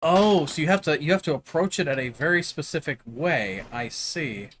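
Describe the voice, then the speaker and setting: A man's voice: a little high, expressive, moderate pace, a bit bright, a little hiss or hum. An American man hosting a game stream, chatting casually, laughing often and exclaiming when startled. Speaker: streamer host. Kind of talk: casual gameplay commentary.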